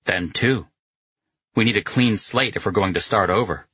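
Male narrator plays a battle-hardened teen fighter, quick and clipped, low and husky. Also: bright, forceful tone, no echo, highs cut off. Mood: determined.

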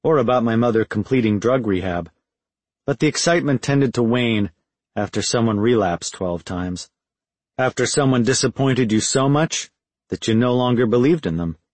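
A man reading a first-person audiobook in a measured, reflective way. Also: mid-range voice, animated, darkish tone, no room sound. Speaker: audiobook narrator.

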